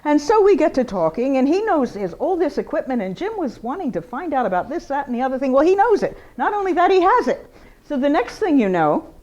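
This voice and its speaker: A woman who paints portraits, giving an informal, chatty talk about her work to a live audience in an art gallery, with big swings of pitch for emphasis. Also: big pitch swings, a little fast, darkish tone, dull audio.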